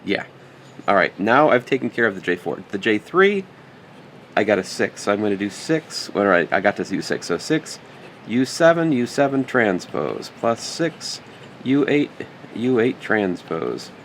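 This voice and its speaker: A man with a lowish voice lectures on math for a recording, thinking aloud as he writes. His pitch rises and falls a lot as he moves between steps and throwaway jokes. He often corrects himself under his breath. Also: fairly bright tone, a little hiss or hum. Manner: thinks aloud while writing, joking asides. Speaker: math instructor.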